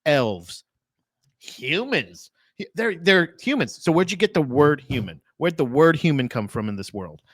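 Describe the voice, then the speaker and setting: Man, podcast co-host, mocking and profane, lively pitch, dry recording. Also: measured pace, no echo. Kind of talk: casual chat.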